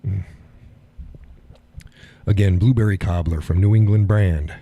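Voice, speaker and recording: A man's voice: sits low, unhurried, dark tone. A man hosting a live stream, chatting casually, often laughing, folksy and blunt with casual swearing. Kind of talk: casual chat.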